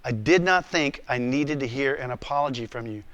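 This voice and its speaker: A man voicing his wife, a tender forgiving woman, in a soft hushed tone. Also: mid-range voice, normal speed, highs cut off, pitched below the performer's own voice, natural voice.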